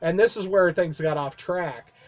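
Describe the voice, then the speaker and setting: Rambling chatty man, slightly high voice. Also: normal speed. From Midwestern United States. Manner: rambling, many fillers and restarts, chuckling. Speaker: vlogger. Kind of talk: casual storytelling monologue.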